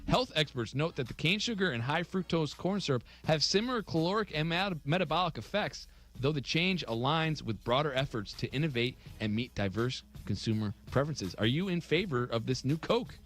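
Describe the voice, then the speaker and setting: A man's voice: on the high side, animated, brisk, a bit bright. A man co-hosting a radio show, reading offbeat news stories aloud and chuckling at them.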